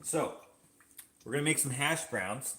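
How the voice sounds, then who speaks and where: A man's voice: mid-range voice, lively intonation, a little slow, pushed and bright. A man from Canada rambling in casual chat to a live chat while he cooks in his home kitchen. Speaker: vlogger. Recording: clattering kitchen noise.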